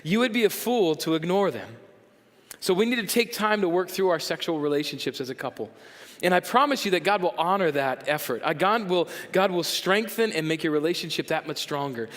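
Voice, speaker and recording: A man preaching a sermon as pastor, animated and jokey, acting out the voices of people in his congregation. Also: a little high, fairly quick, big-room sound. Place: church sanctuary.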